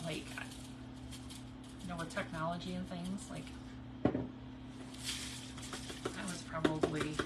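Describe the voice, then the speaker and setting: A woman's voice: low-pitched, far from the mic. Woman host, rambling crafting chatter, giggly, mic set back in a noisy room. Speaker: crafter hosting a live stream. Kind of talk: casual chat while crafting.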